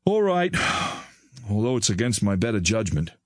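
A man voicing a kindly, soft-spoken older male doctor, his voice low and gentle. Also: sing-song, normal speed, no echo, studio quality. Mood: grave, measured.

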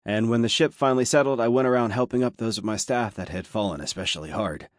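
Low-voiced male audiobook narrator. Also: fast talker, dry recording, clean studio sound. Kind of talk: scripted narration.

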